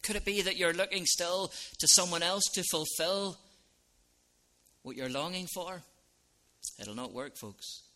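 Male minister preaching slow and earnest, bright forceful voice, goes quiet then loud. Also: high-pitched. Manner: earnest preaching with sudden soft drops and loud rises. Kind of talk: evangelistic sermon.

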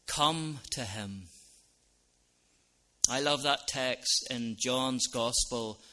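A man preaching an evangelistic sermon as a minister, earnest, dropping to soft lines and rising to loud ones. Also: medium pitch.

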